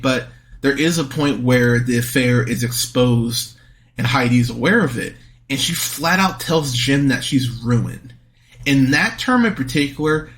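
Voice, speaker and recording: A man hosting a movie podcast, reviewing a film in a casual monologue, blunt and quick to swear in exasperated outbursts. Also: mid-range voice.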